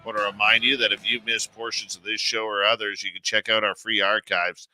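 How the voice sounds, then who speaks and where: A man's voice: lowish voice, little pitch movement, brisk, bright, forceful tone, soft background music. A man hosting a live radio show in casual chat, greeting listeners and reading their comments aloud on a headset microphone.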